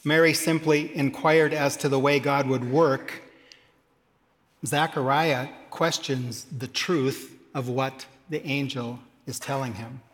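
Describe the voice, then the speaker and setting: A man's voice: mid-range voice, fairly even intonation, slow pace, a bit bright, long reverb tail. A man preaching a sermon, reading scripture aloud and adding humorous asides. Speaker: pastor.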